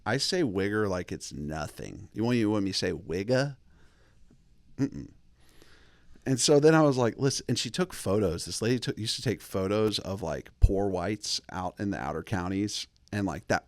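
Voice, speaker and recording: A podcast host with a fairly low voice rambles through casual chat, joking and cutting himself off mid-thought. He talks close to the mic in a dry, dead room. He jumps from point to point with quick asides. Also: lively intonation, dry recording.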